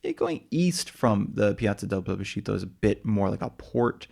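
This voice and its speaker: A man's voice: fairly low pitch, lively intonation, moderate pace, creaky, darkish tone. An American man co-hosting a casual travel podcast, rambling with lots of fillers and restarts. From United States. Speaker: podcast co-host.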